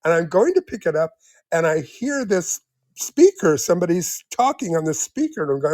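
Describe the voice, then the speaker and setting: An older man in his seventies spins a long personal story, circling back with restarts and breaking into laughter. His voice sits fairly high for a man. The sound is close and dry. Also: very animated, normal speed, a little mellow, no room sound. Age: 70s. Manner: rambling, many restarts, laughs often. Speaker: guest. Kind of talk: casual storytelling in an interview.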